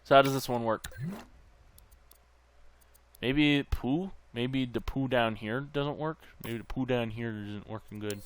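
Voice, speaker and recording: A man's voice: mid-range voice, steady tone, a little slow, pauses often, smooth. A man hosting a gameplay channel, muttering to himself as he tinkers, with bursts of goofy sing-song nonsense. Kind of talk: casual gameplay commentary.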